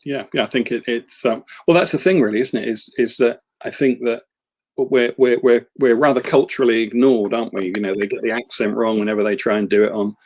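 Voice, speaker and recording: A man at a mid pitch chats as host and poet on a casual live stream. He is self-deprecating and often restarts, leaning on tag questions as he finds his way. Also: steady tone, a little fast, a little mellow.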